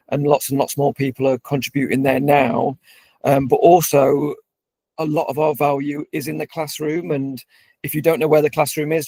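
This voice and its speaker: Relaxed gravelly-voiced man co-hosting. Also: medium pitch, no echo. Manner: relaxed, with frequent ums. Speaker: co-host of a coaching community update. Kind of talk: casual chat.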